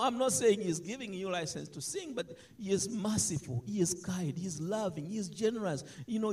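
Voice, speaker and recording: A man preaching a sermon, animated, swinging between loud emphatic lines and soft asides. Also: high voice, slightly rough.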